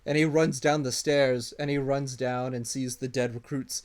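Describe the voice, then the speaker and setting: A man's voice: mid-range voice, fairly even intonation, measured pace, a little mellow. Rambling male game master. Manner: rambling, many ums and restarts. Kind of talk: casual narration of a tabletop game.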